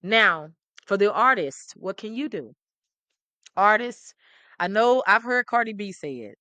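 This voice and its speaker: A middle-aged woman host, talking with animated, preachy emphasis and repeating phrases. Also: medium pitch, unhurried, dry recording. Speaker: talk show host. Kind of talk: impassioned commentary to camera.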